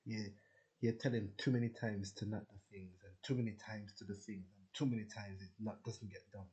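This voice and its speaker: A man's voice: fairly low pitch, fairly even intonation, a little fast, mellow, poor audio. Man ranting, profane and rambling. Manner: candid, profane, rambling with frequent restarts. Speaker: vlogger. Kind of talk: rambling personal rant.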